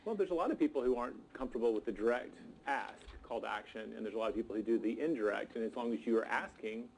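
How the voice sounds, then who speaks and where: A man moderating a panel talk, summing up points in a brisk way. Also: medium pitch, vocal fry, darkish tone, slight background noise, rough recording.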